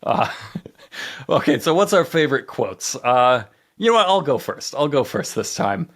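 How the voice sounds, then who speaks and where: A man's voice: medium pitch, big pitch swings, a little slow, fairly bright tone. Male podcast co-host, sarcastic and mocking, casual banter. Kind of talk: casual comedic chat.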